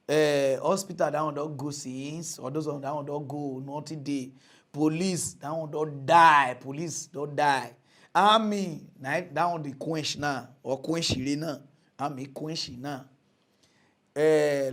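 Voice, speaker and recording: A man with a Nigerian Pidgin accent ranting comically as a mock-news presenter, mocking and exclaiming. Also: a little high. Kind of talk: comedy rant in mock news.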